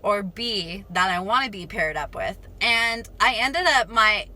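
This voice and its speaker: A woman's voice: mid-range voice, expressive, unhurried, pushed and bright. A young adult woman telling a casual storytime vlog, chatty, laughing and talking straight to her viewers. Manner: chatty, addresses viewers as "you guys", laughs often. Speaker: vlogger.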